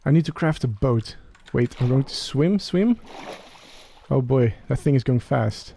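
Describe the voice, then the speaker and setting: A man's voice: mid-range voice, measured pace, gravelly. A young man, chatting as he plays a game and talking to the creatures on screen. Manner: chatty, talks to game creatures, excited rising questions. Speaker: Let's Play creator. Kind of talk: casual gameplay commentary.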